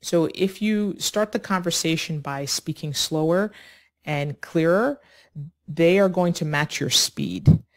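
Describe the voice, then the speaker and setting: A woman teaching an online English lesson, speaking slowly and clearly in an encouraging way. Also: fairly low pitch. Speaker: ESL teacher.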